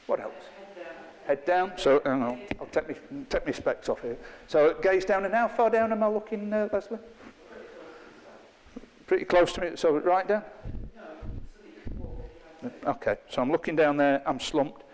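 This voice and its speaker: A man's voice: on the high side, lively intonation, unhurried, pauses often, darkish tone, big-room sound. A middle-aged man, leading an interactive workshop with a live group in a chatty, playful, self-mocking way. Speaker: workshop trainer. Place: training room with a live group.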